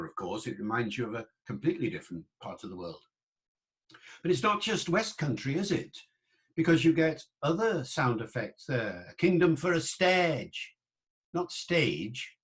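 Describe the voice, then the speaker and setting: A man's voice: mid-range voice, a bit bright. A man lecturing on the English language in an online talk, explaining in a conversational way and sounding out old pronunciations. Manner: explanatory and conversational, with asides to the listener; demonstrates old pronunciations aloud.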